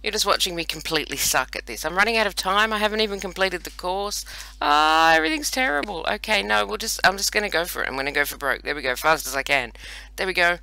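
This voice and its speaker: A high, creaky, sharp voice with lively intonation and a quick pace belongs to this roughly forty-year-old Australian let's play host. He banters playfully and teases himself over his gameplay, with no echo on the recording.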